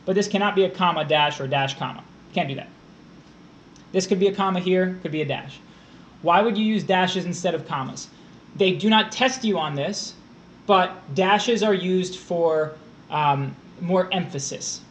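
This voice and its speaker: A man's voice: high voice, moderate pace, fairly bright tone, slight background noise. A man tutoring test prep on a live stream, explaining grammar step by step while answering his chat.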